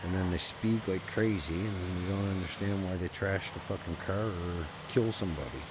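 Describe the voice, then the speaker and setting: Guy streamer, deep voice, chatty and profane, folksy rambling rants. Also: moderate pace, background noise. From Canada. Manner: rambling, swears freely, folksy ranting. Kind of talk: casual chat while gaming.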